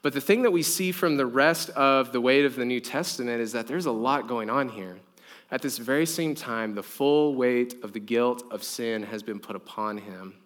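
A man's voice: medium pitch, a bit bright. A young man preaching a sermon in an earnest, conversational way, with casual fillers. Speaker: pastor.

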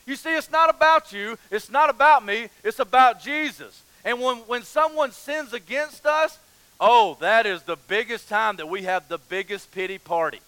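Preacher guy, really high forceful voice, fired up, keeps asking questions, dry close sound. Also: normal speed, clean tone, no room sound, rough recording. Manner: impassioned, repeats phrases, rhetorical questions. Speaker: pastor. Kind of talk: sermon.

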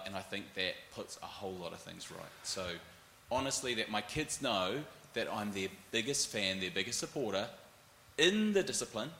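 A man in his forties with a New Zealand accent, telling animated stories as a panelist and acting out other people's voices. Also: on the low side, echoey room, slight background noise. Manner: animated, acts out voices in anecdotes. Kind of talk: storytelling panel talk.

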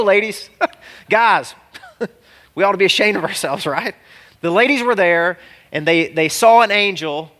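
A man delivers a sermon with a voice set somewhat high for a man. His tone is bright and forceful. He preaches in an animated way, shouting out one moment and dropping to a near hush the next. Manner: animated, exclamatory preaching that swings from loud to hushed. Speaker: pastor.

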